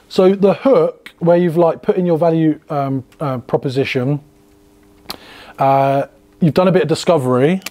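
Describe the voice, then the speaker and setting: Teaching a relaxed sales workshop, a man talks in a mellow, highish voice without hurrying. His explanations are conversational, packed with filler words and restarts.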